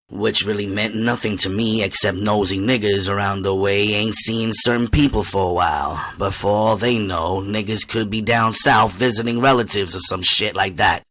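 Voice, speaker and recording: A man reading a novel aloud as an audiobook reader, with steady, measured storytelling. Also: fairly low pitch.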